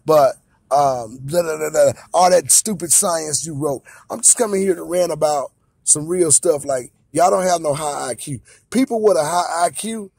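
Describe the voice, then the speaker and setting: A man's voice: fairly high pitch, gravelly, a little mellow, husky, no echo. An American man and father delivering a heated, repetitive, confrontational rant straight to camera. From United States. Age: adult father of a young son. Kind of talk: ranting monologue to camera.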